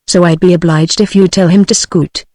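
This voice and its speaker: A synthetic text-to-speech woman's voice reading the lines of a brash young male American millionaire in an audiobook, with even, unhurried delivery and no real character voice. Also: on the low side, no room sound, studio quality, natural voice. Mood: blunt.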